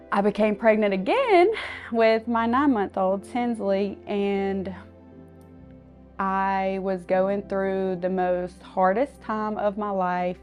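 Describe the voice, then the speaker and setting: A woman's voice: medium pitch, a little mellow. A woman in her twenties, a mother, earnestly telling her own story as a client, often quoting what others said. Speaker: client giving a testimonial. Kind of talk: personal testimony.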